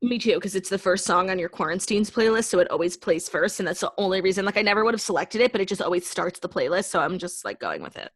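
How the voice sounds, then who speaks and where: A woman's voice: on the low side, lively intonation, fast, few pauses, no room sound. Young woman podcast co-host, effusive and chatty, dry close sound. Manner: gushing, filler-heavy talk full of "like". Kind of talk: casual chat.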